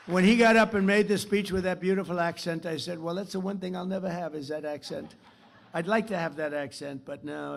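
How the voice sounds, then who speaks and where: A man giving a rambling, repetitive, boastful keynote speech into a podium microphone on a theater stage. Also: fairly high pitch. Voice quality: gravelly. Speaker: keynote speaker. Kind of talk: political speech.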